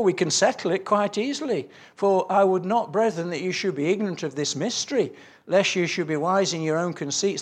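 Husky, animated high-voiced male preacher. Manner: earnest, storytelling with quoted dialogue and scripture reading. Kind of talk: sermon.

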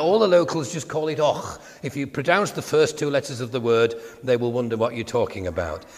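An older man with a Yorkshire accent telling wry anecdotes in a relaxed Christian talk. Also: medium pitch. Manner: wry, storytelling. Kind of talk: anecdotal monologue. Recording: echoey room with long reverb.

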